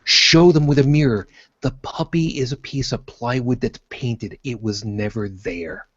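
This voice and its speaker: Man, podcast host, casual chat, rambling, mid pitch, muffled audio. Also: unhurried, no echo. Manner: rambling, repeats words when thanking guests.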